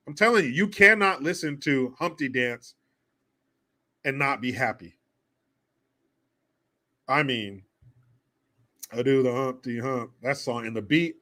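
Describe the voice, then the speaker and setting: Man, livestream host, casual chat, crude jokes, lively swooping pitch. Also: moderate pace. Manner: crude, joking, profane banter. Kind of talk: casual livestream chat reading viewer donations.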